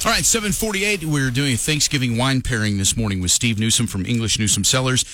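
Morning radio guy, bright voice, easygoing and jokey. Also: mid-range voice, brisk. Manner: casual, joking. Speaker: radio host.

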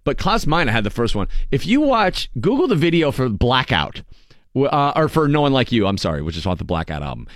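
Middle-aged male radio host, lively and animated, a storyteller who acts out quotes. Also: mid-range voice, a little fast, no room sound, studio quality. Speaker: radio morning show host. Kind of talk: casual banter.

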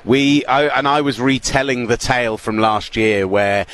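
A man's voice: mid-range voice, normal speed. A man with a British accent, a sports radio presenter, chatting in an interview and telling stories with frequent laughter. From United Kingdom. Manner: chatty, laughs often, animated storytelling. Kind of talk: casual interview chat. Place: busy media hall.

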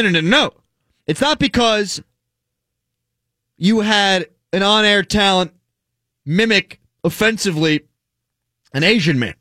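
A man's voice: sits high, bright, forceful tone, no echo, clean studio sound. A man hosting a sports radio show, ranting sarcastically in casual talk.

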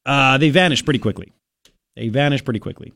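A man hosting political commentary, sarcastic and mocking as he pauses and remarks on clips. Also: medium pitch, gravelly, fairly bright tone, no room sound, studio quality. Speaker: host.

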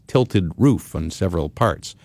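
A man hosting a podcast who tells a story in a casual, animated way and laughs often. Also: low voice, unhurried, vocal fry, no room sound, studio quality. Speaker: podcast host.

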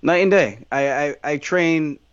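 A man's voice: a little high, unhurried, no echo. A man being interviewed about his fighting career, talking in a candid, meandering way full of restarts and fillers. The sound is dry and slightly dull, as though the voice was captured close with no room around it. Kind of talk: casual interview answers.

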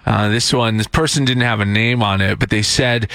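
A man's voice: fairly low pitch, fairly even intonation, normal speed, hardly any pauses, a bit bright, no echo. A man hosting a morning radio show, chatty and teasing his co-hosts.

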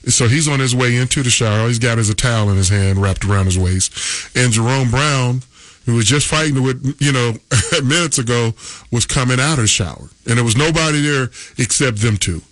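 A man's voice: medium pitch, a little fast, a bit bright, no room sound. A man in his fifties telling stories on sports radio, rambling and chuckling as he goes. His voice sits mid-range and sounds dry and close. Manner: chuckles often, rambling with fillers. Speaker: radio co-host, former football player. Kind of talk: casual storytelling on sports radio.

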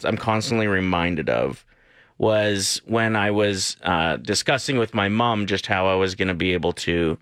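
Canadian guy on morning radio, bright voice, dry close sound, jokey and chatty. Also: fairly low pitch, no room sound. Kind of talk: casual radio chat.

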